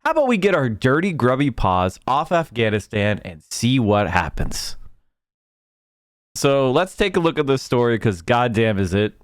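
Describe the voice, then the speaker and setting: A man's voice: medium pitch, very animated, normal speed, dry recording, clean studio sound. A man hosting a livestream, reacting to news clips with profane, sarcastic commentary. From United States. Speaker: political streamer.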